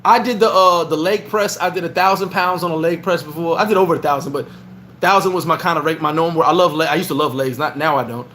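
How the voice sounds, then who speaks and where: A man's voice: a little high, fast talker, fairly bright tone, slight background noise. A middle-aged man from the United States telling a long gym story in a loose, profane, rambling way, vlogging from his sports bar. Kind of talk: casual storytelling to camera.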